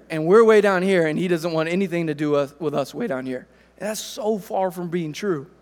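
A man in his thirties preaching a sermon, telling a family story in a relaxed, conversational way. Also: sits high, big-room sound. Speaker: pastor.

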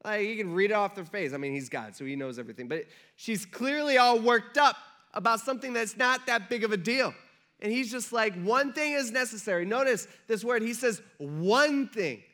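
A man's voice: sits high, a little fast, sharp tone. A man giving a casual, conversational sermon as a pastor, often checking in with his listeners. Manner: conversational, jokey, checks in with the audience.

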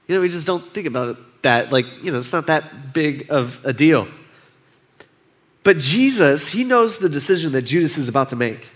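A young man giving a casual, conversational sermon, retelling a story and acting out the quotes with lively shifts in voice. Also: fairly high pitch, normal speed. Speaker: pastor.

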